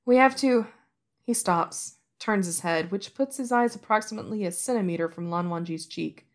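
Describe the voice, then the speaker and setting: Soft-spoken woman narrating a story. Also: lowish voice, normal speed. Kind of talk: audiobook narration of fan fiction.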